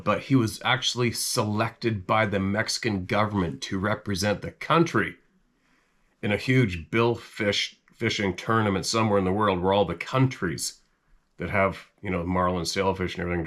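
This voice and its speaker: Congested rambling middle-aged man. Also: sits low. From Canada. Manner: rambling and animated, chuckles often, voice jumps up when quoting himself. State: stuffy, congested from a cold. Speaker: hunting channel host. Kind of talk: casual chat to camera.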